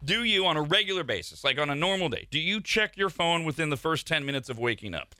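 A man's voice: fairly high pitch, sing-song, fast talker, sharp tone, no echo. A man hosting a talk radio show, explaining things bluntly and with opinion, on a studio microphone.

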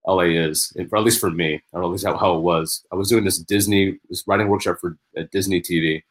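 A man's voice: low-pitched, fairly even intonation, quick pace. A man who is a comedian, telling stories animatedly as a podcast guest, with many restarts. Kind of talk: casual podcast chat.

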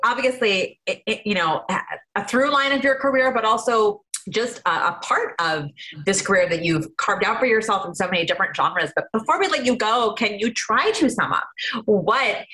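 A woman interviewer with a bright, crisp tone. She asks her questions in a measured, prompting way, with a mid-range pitch. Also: lively intonation, low-quality recording.

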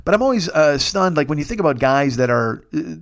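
A man's voice: fairly high pitch, lively intonation, brisk. A man in his forties hosting a solo comedy podcast, rambling through profane stories and tangents in a pleasant, resonant voice. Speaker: podcast host.

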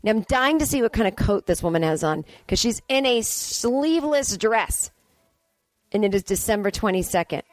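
A woman's voice: medium pitch, animated, moderate pace, dry recording. Sarcastic chatty woman podcaster. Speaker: podcast host. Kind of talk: movie recap commentary. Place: family home.

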